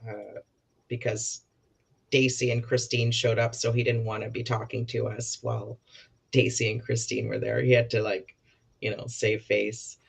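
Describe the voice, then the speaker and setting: A woman co-hosting a talk show, retelling an encounter in a casual, animated way. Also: rumbling low, moderate pace, gravelly, husky. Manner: animated retelling with quoted dialogue. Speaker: co-host. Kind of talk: casual chat, storytelling.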